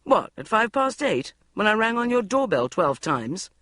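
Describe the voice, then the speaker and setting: A woman's voice: medium pitch, sing-song, moderate pace, a bit bright, voice pushed up. A woman voicing a cool, dry-witted male barrister who speaks icily and casually. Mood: icy, teasing. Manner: icy, casual, teasing.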